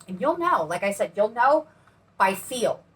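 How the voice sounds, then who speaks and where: A woman's voice: fairly high pitch, very animated, measured pace, a bit bright. Chatty bubbly woman co-hosting a painting demo. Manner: chatty, bubbly, rambling with restarts. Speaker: co-host of a painting channel. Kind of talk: casual chat while demonstrating paint pouring. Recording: distant mic with faint background noise.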